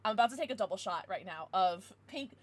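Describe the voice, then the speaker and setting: A young adult woman streamer chatting casually with her viewers, with excited outbursts. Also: mid-range voice, fast talker. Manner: chatty, answers viewers, bursts of excited squeals. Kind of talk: casual live-stream chat.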